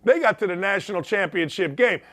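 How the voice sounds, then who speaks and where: A man's voice: high-pitched, expressive, fairly quick, fairly bright tone, no room sound, clean studio sound. A man hosting a sports talk show, giving brash, mocking opinions straight to his viewers.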